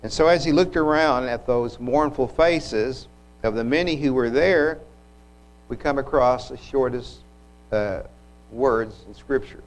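A man delivers a sermon, walking through a scripture passage at a very slow, deliberate pace. His pitch sits in an ordinary middle range, and he pauses and restarts now and then as he reflects aloud. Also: poor audio. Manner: unhurried, reflective, with occasional restarts. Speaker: preacher.

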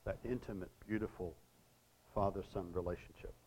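A middle-aged man preaching a sermon, reading scripture aloud with pauses and talking to listeners in conversational asides. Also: low-pitched, steady tone, darkish tone, slight background noise, low-quality recording.

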